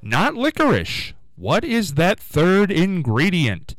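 A man hosting a live radio call-in quiz, with an upbeat, sing-song way of answering callers and a throat going hoarse. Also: sits high, slow pace, low-quality recording. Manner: lively, upbeat, sing-song when rejecting guesses. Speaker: radio call-in show host. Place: radio studio.

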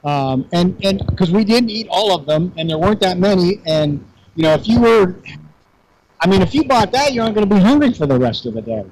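An easygoing male radio co-host in relaxed on-air chat. His voice is fairly high, and he answers often with short nods of agreement. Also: fairly quick, a little hiss or hum, rough recording.

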